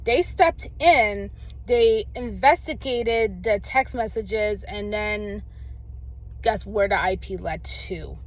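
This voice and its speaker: A woman's voice: mid-range voice, takes it slowly, rough recording. A young woman in a casual vlog, heatedly ranting about a documentary, swearing often and speaking with emphatic outbursts. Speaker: vlogger reacting to a documentary. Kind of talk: casual angry rant.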